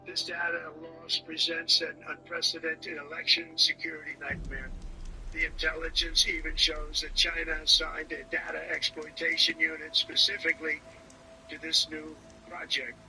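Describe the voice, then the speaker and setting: Man reading a statement, flat delivery, far off the mic with music over it. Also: fairly high pitch, vocal fry. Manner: measured, emphatic. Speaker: official at a press briefing. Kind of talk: prepared public statement.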